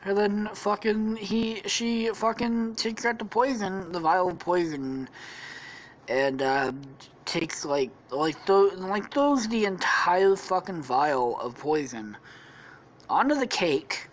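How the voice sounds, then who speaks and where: A woman's voice: lowish voice, slow, a little hiss or hum, rough recording. A woman hosting a podcast, telling a funny story in a rambling, profane way, often correcting herself mid-sentence. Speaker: podcast host. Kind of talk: casual comic storytelling.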